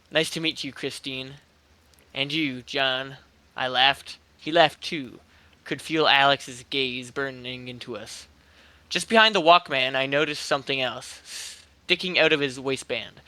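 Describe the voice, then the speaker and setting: A man's voice: medium pitch, bright, forceful tone, no room sound. A man casually reading a spooky internet story aloud, laughing and joking between lines with a co-reader.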